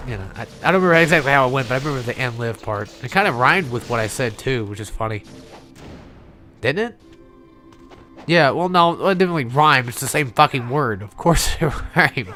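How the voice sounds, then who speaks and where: A man giving casual, rambling let's-play commentary at his desk microphone, candid and quick to swear. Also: medium pitch, animated, sharp tone, faint music behind. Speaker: gaming channel host.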